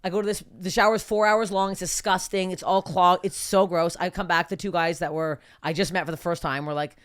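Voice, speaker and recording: Fast-talking profane woman from Canada. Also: fairly low pitch, no echo, clean studio sound. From Toronto, Canada. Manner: animated, profane, rapid storytelling with frequent restarts. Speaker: podcast guest comedian. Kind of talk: casual storytelling.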